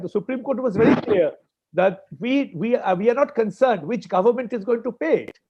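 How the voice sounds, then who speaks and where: An Indian English man speaks emphatically in a panel discussion, hammering points home by repeating them. His voice sits high and ranges widely. The audio is dull and lo-fi, like a video call. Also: lively intonation, brisk, dark tone, slightly rough. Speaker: farmers' movement spokesperson.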